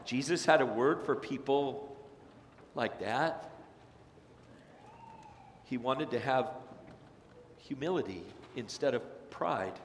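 A man preaching a sermon as pastor, dramatic, acting out quoted voices and swinging between loud and soft. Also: medium pitch, slight background noise. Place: church sanctuary. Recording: echoey hall with long reverb.

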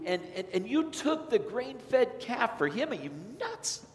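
A man's voice: on the high side, animated, moderate pace, natural voice. A man voicing a resentful, entitled older brother who rants in a whiny, indignant way. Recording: reverberant church hall.

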